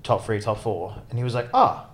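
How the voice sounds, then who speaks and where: A man's voice: lowish voice, breathy edge. A man co-hosting a podcast, telling stories in a casual chat and acting out the people in them. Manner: animated storyteller, quick laughs, acts out quotes. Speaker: podcast co-host and caddie.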